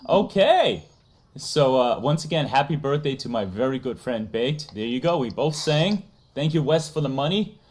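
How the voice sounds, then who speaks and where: A woman's voice: rumbling low, big pitch swings, normal speed, darkish tone. A woman with a Massachusetts accent, hosting a casual livestream and playfully reading out donations. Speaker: stream host.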